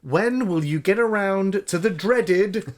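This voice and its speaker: Male podcast host, high voice, reads listener questions. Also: takes it slowly, over a noisy crowd. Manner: steers segments and reads questions aloud. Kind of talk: casual podcast chat.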